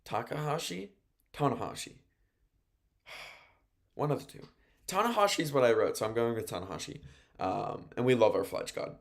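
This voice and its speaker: A man's voice: mid-range voice, big pitch swings, moderate pace, gravelly, pauses often. A man hosting a casual show, recapping wrestling from his notes in a chatty, rambling way and laughing at his own mistakes. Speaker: radio host.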